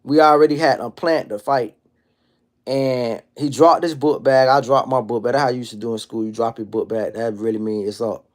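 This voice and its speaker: A man in his thirties hosting a casual livestream monologue, telling stories in an animated, profane street style. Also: medium pitch, normal speed. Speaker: livestream host.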